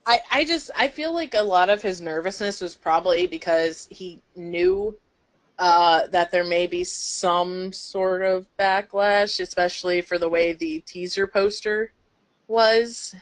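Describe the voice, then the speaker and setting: A woman's voice: lowish voice, unhurried. A woman co-hosting a fan podcast in casual chat, rambling and acting out quotes. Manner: rambling, acts out quotes with a laugh. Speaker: podcast co-host.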